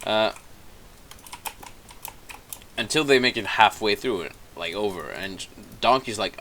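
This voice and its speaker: A gameplay commentator, a young man with a fairly low, expressive and sharp voice, recaps a film while playing. He speaks at a measured pace and pauses often, hesitant and profane with many fillers, and there's a little hiss or hum.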